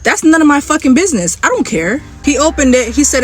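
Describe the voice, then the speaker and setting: A young woman telling a story in a casual, animated way, swearing and sassy. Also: high voice, quick pace, few pauses, soft background music, low-quality recording.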